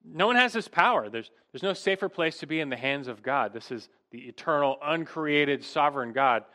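A man's voice: a little high, animated, moderate pace, pushed and bright. A man preaching an expository sermon, emphatic and full of rhetorical questions. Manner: emphatic, rhetorical questions, rising to stress key words.

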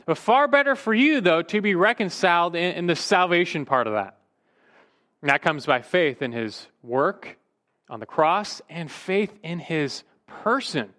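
A man's voice: on the high side, expressive, unhurried, bright, forceful tone. Emphatic man preaching a sermon. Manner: restarts and repeats words mid-phrase. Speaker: pastor.

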